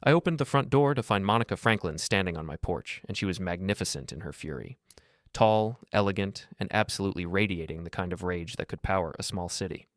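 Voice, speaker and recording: A man narrating a first-person story in a steady, dry storytelling manner. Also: sits low, fairly quick, dry recording.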